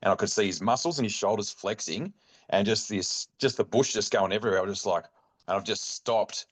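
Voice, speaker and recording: A middle-aged Australian man telling a long hunting story in a rambling, animated way, full of fillers. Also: fairly low pitch, brisk. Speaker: guest, bowhunting club chairman. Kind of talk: casual storytelling chat.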